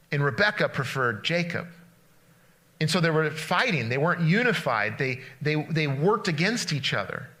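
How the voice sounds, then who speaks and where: A man's voice: on the high side, bright, forceful tone. A male pastor giving a conversational sermon, retelling a story animatedly with frequent restarts.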